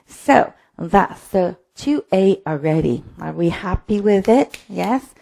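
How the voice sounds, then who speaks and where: A woman's voice: mid-range voice, expressive, takes it slowly, creaky, hardly any pauses, warm tone. A woman leading a live-streamed line dance class from home, chatting with viewers and calling out step counts. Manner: chatty, counts steps aloud.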